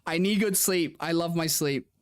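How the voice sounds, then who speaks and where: A woman's voice: lowish voice, moderate pace. Chatty young woman streaming casually. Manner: chatty, laughs often, lots of "like". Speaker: racing driver VTuber streamer. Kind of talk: casual livestream chat with viewers.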